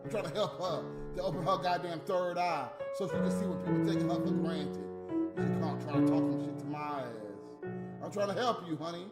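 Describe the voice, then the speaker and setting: A man's voice: a little high, a little fast. A man on a casual, profane rant, heatedly mocking people who are not there while smoking a cigarette. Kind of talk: casual ranting monologue. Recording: echoey room with faint music.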